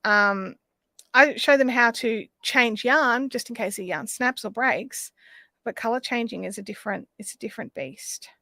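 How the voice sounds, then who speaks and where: A woman's voice: fairly high pitch, moderate pace, pushed and bright, no room sound. An Australian woman hosting a live craft stream, chatting casually and rambling as she reads out viewer comments.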